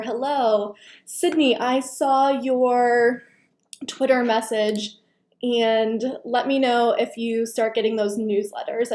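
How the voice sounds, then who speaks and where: A woman hosts a casual live Q&A and chats with viewers by name. Her slightly high voice is going hoarse. It is recorded on a computer microphone in an echoey room. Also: darkish tone. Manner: chatty, greets viewers by name. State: losing her voice. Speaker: live stream host.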